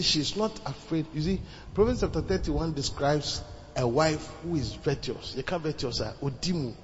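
A man's voice: mid-range voice, in a large hall, muffled recording, slight background noise. A man preaching a sermon, quoting scripture and repeating lines with rising fervor. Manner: preaching with rising intensity and emphatic repetition.

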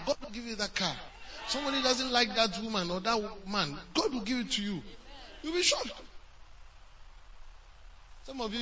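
A male pastor delivers a storytelling sermon. His voice is very bright and slightly high, with a lively, swinging pitch. The recording sounds dull and lo-fi. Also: far from the mic. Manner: storytelling, swinging between loud and hushed.

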